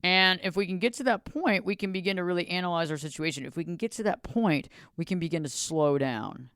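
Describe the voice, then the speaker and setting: A man's voice: sits high, fairly quick, a bit bright, clear, resonant tone, no echo, studio quality. A man hosting his own motivational podcast, talking alone in a preachy way and repeating phrases in long lists. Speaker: podcast host. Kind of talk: motivational solo podcast talk.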